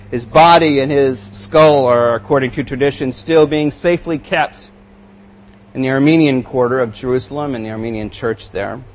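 A male pastor delivers a sermon at a medium pitch. He reads scripture aloud with building emphasis, then drops into quiet, conversational asides to his congregation. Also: a little hiss or hum, low-quality recording.

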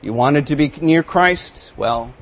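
In a rough recording, a pastor with a slightly high voice preaches slowly. He reads scripture aloud with rising emphasis, then follows it with quiet commentary.

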